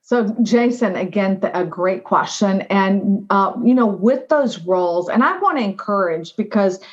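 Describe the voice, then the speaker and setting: A middle-aged woman from the United States, a guest on an interview show, telling her life story in an animated way and often saying "right?" and "you know". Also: medium pitch, measured pace. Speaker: guest, diversity officer. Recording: slightly dull lo-fi audio.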